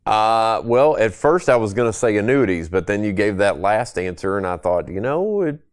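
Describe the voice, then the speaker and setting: Male radio sidekick, lowish voice, easygoing and jokey. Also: lively intonation, moderate pace, smooth. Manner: easygoing, joking banter. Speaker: radio co-host. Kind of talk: conversational radio talk show.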